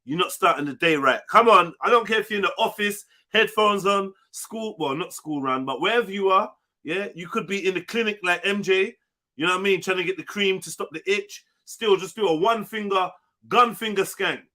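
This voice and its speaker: A man hosts a live online show, hyping up his viewers and ribbing his guests. His voice is bright and forceful and sits a little high. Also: brisk. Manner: hyped, teasing banter. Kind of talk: casual live-stream chat.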